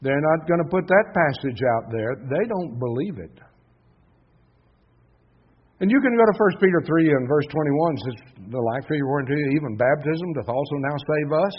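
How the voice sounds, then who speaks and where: Man preaching, husky, kinda high voice, loud then hushed, muffled lo-fi sound. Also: expressive, normal speed. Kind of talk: sermon. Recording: dull lo-fi sound.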